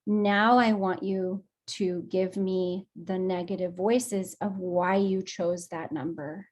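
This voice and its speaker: Slow, gentle woman guiding a group. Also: on the low side, fairly even intonation. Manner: gentle, affectionate, encouraging. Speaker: group session facilitator. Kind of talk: guided emotional release session. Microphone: video call.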